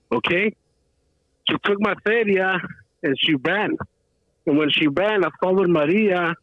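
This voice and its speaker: A man's voice: sits high, no room sound. A man calling into a show, telling a story in a rambling, slangy way, saying bro a lot. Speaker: caller. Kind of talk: casual storytelling. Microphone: phone call. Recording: tinny phone line.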